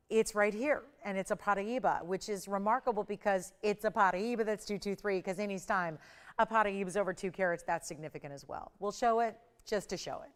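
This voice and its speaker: A middle-aged woman hosts a live jewelry shopping broadcast, her voice smooth and clear at a mid pitch. She talks in a chatty, enthusiastic sales patter, teasing out numbers and building suspense before each price. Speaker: shopping channel host.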